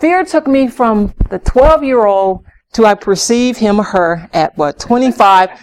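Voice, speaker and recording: A woman's voice: fairly high pitch, animated, a little slow. A middle-aged woman giving a parenting workshop, asking her audience questions and acting out scenes between parents and children.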